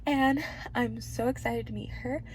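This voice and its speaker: A woman vlogging from a hospital room as a pregnancy vlogger, chatting to camera in a bubbly, gushing, excitable way. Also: fairly high pitch, unhurried, slight background noise. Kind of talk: casual chat to camera.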